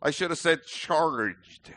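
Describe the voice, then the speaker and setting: A man's voice: fairly high pitch, moderate pace, a bit bright, a little hiss or hum. A middle-aged man with a British accent preaching a sermon as a minister, earnest and emphatic with light self-deprecating humor.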